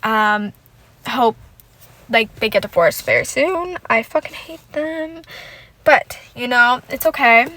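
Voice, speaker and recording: A woman's voice: on the high side, animated, takes it slowly, sharp tone, low-quality recording. A woman hosting a solo podcast, ranting in a casual, rambling way, swearing often and filling her talk with "like.". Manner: rambling, profane, heavy filler "like". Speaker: podcast host.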